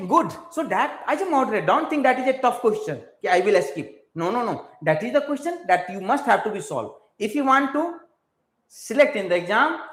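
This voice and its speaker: A man's voice: extremely high pitch, fairly bright tone. Echoey Indian man quizzing his viewers. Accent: Indian English. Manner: repeats points and quizzes the viewers. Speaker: engineering exam tutor. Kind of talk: live online class, switching between English and Hindi. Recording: roomy echoey room.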